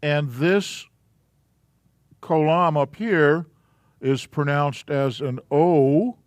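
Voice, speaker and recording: Male teacher, fairly high voice, slow and patient, leading a live class. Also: clean tone, dry recording, clean studio sound. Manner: slow, patient, walking through letters step by step. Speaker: Hebrew alphabet teacher.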